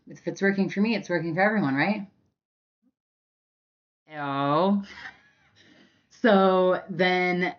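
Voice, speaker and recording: A young woman hosting a podcast, candidly telling a personal story in a casual way with lots of fillers, now and then shouting out past arguments. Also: low-pitched, dull audio. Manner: candid and conversational, full of fillers, acts out past arguments with loud bursts. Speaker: podcast host.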